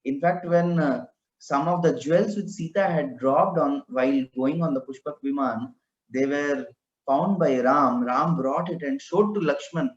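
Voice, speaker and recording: A man retells a scripture story as a morning talk, slipping into the voices of its characters. His voice sits a little high. The sound is echoey and dull, like a lo-fi room recording. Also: a little slow. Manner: narrating, acts out dialogue. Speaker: preacher.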